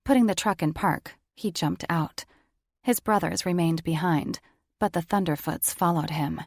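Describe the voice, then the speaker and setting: In a close, dry recording free of room sound, a woman narrates an audiobook. She speaks steadily and deliberately, her slightly low voice carrying a gravelly edge.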